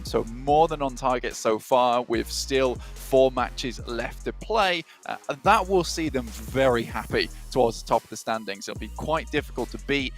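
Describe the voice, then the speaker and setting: A man's voice: medium pitch, fairly bright tone. A man casting an esports match, chatty and leaning on fillers. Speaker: esports caster. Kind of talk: play-by-play commentary.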